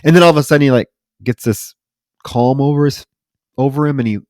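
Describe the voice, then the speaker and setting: Brief: male podcast co-host, mid pitch, dry close sound, chatty scene recap. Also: fairly quick, darkish tone, dry recording. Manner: retells scenes acting out lines, filler-heavy. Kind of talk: casual movie recap chat.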